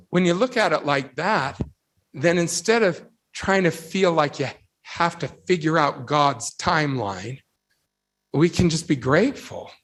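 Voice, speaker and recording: A man giving a storytelling devotional talk to young people. He acts out the voices in his anecdotes and builds his point through rhetorical questions and emphatic repetition. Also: fairly high pitch. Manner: animated storyteller who acts out quoted voices. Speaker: youth speaker.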